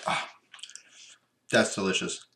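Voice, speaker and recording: A man's voice: slow, pushed and bright. A man chatting casually through an unboxing and taste-test vlog, rambling and talking while he chews. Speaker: vlogger. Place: room at home by his computer. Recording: echoey room with background noise.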